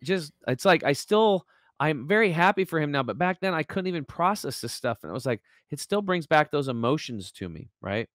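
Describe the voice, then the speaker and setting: A man's voice: fairly high pitch, sing-song, brisk, fairly bright tone, no echo, studio quality. Man telling his story over a video call. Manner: emotional storytelling, acts out quoted dialogue, filler-heavy. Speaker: guest.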